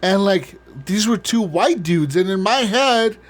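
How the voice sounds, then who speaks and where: A man's voice: sits high, animated, a little slow. A man hosting a gaming podcast in casual chat, rambling and swearing often, laughing as he talks. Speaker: podcast host.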